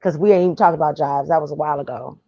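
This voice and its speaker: A low-pitched woman talks in a blunt, sassy, trash-talking style, dishing gossip on a livestream. Her voice sits close and dry, with a slightly dull, lo-fi sound. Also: very fast, no room sound. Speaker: livestream commentator. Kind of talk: casual gossip commentary.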